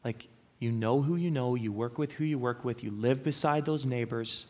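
Earnest middle-aged male preacher. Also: medium pitch. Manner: earnest storytelling, with frequent fillers. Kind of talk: sermon.

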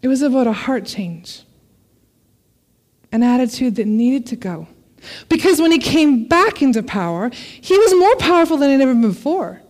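Female preacher, high voice, expressive scripture reading, parent. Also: normal speed. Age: adult parent. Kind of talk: sermon.

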